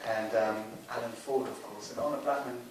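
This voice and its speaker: A male film director answers questions from the floor, rambling along with plenty of ums and soft chuckles. He is picked up from well off the mic in a very echoey hall. A steady hiss runs underneath. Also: medium pitch, normal speed, far from the mic. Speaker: film director, festival guest. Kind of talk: audience Q&A answers. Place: cinema hall.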